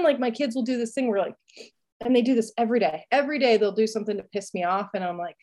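A woman's voice: medium pitch, steady tone, racing, dark tone. A woman in her thirties chatting casually as a podcast co-host, full of fillers and frequent laughter. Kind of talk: casual chat.

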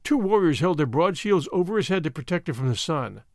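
A man narrating an adventure novel as an audiobook in an expressive, measured storytelling manner. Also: on the high side, no echo, clean studio sound.

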